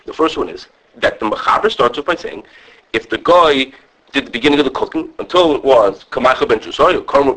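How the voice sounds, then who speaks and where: A man teaching a lively halachic class to students. He talks quickly, restarts often, checks in with "okay", and mixes Hebrew and Yiddish terms into his English. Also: medium pitch, low-quality recording. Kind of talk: animated halachic lecture with students.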